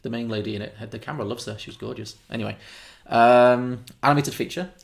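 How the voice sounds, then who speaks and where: A man's voice: mid-range voice, fast, gravelly. A man co-hosting a film podcast, chatting casually and rambling with frequent self-corrections and chuckles. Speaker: podcast co-host.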